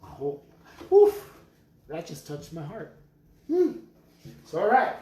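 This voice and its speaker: A man making drums, talking slowly with prayerful, emphatic declarations and chanted words as he presents his drums in his studio. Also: a little high, big pitch swings. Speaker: drum maker selling drums on a live stream. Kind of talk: live sales stream with spiritual talk. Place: studio full of drums and rattles. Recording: roomy studio with faint noise.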